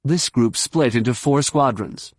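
A man narrating an audiobook in a brisk, steady storytelling manner. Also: mid-range voice, dry recording, clean studio sound. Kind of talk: scripted narration.

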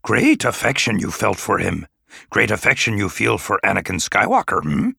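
Yoda, a man doing a gravelly ancient alien sage. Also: fairly low pitch, huge pitch swings, normal speed, pushed and bright, no room sound, clean studio sound, exaggerated voice. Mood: probing. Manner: inverted word order, thoughtful hums. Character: ancient small male alien sage, stern yet dryly gentle.

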